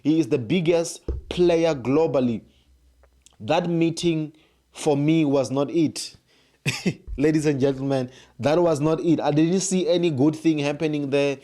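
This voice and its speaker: A man's voice: fairly high pitch, a little slow, dark tone. A man giving an emphatic political commentary monologue, piling up rhetorical questions and repeated phrases. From South Africa. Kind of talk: opinion monologue to camera.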